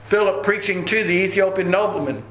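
A man's voice: high-pitched, a little fast, a bit bright, slight background noise. A man preaching a sermon, telling homespun stories and chuckling as he goes. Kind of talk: sermon with folksy storytelling. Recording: roomy hall with faint ambience.

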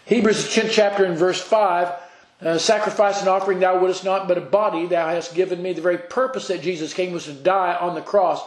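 A man giving a sermon, earnest and halting, often restarting his words as he reads scripture aloud and explains it. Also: sits high, steady tone. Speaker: preacher. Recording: echoey room.

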